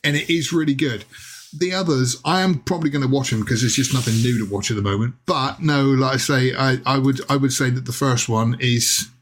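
A man with an English accent hosting a casual podcast chat, chatty, laughing often and filling pauses with many ums. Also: medium pitch, fairly even intonation. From England. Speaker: podcast host.

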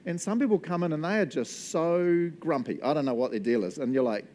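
A man's voice: a little high, fairly quick, darkish tone, a little hiss or hum. A young adult man with a New Zealand accent, preaching a casual, playful sermon as pastor and acting out customers in silly voices.

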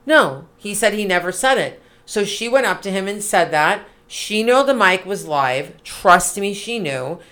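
A middle-aged woman co-hosting a podcast, talking in an animated, emphatic, casual way. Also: medium pitch. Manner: animated, emphatic, quick asides. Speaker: podcast co-host. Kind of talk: casual political chat.

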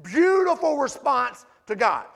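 A pastor preaching a sermon in a church sanctuary, animated and conversational, with asides to the congregation and shouts for emphasis. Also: male voice, extremely high pitch, measured pace.

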